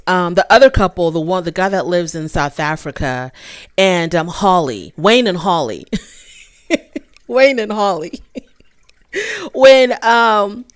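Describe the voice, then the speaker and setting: A woman's voice: mid-range voice, dry recording, clean studio sound. A woman hosting a casual recap show, talking in a candid, opinionated and sassy way with frequent asides. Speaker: reality show recap host.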